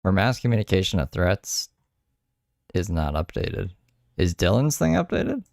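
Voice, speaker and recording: Brief: very low male streamer, animated up-and-down delivery, dry close sound. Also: measured pace, gravelly, background noise. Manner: muttering, irritable, swearing at tech. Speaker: stream commentator. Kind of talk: live reaction commentary.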